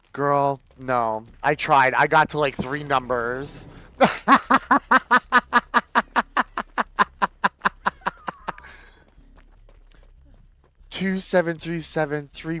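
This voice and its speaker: A man streaming live, chatting casually and campily with his viewers while he plays, his pitch jumping up for excited bursts. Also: takes it slowly, smooth. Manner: chatty and campy, reading chat aloud, swinging pitch. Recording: dull lo-fi stream audio.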